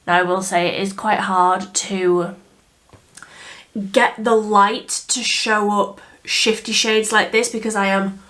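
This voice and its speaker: Beauty vlogger, Yorkshire woman, chatty and excited, unhurried delivery, mid pitch. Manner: chatty, enthusiastic, with frequent fillers and laughs. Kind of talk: casual makeup review chat. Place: indoors under artificial light.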